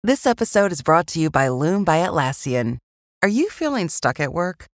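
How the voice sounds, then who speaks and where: Woman reading a lively sponsor ad. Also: lowish voice, moderate pace, no echo, studio quality. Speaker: ad announcer. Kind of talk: upbeat sponsor read.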